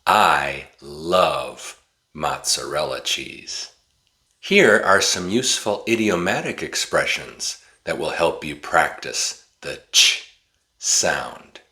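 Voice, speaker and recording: Male teacher from Wisconsin, deliberate over-enunciation, bright and forceful tone. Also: rumbling low, animated. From Wisconsin, USA. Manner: slow, deliberate, exaggerated enunciation. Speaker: English teacher. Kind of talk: pronunciation lesson.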